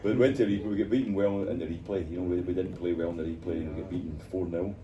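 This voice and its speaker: An older Scottish man, a former footballer, telling animated stories in an interview and acting out the voices of people he quotes. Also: low voice, fast talker, a crowd in the background. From Scotland. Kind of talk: storytelling interview in a bar. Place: bar. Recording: distant mic, noisy bar.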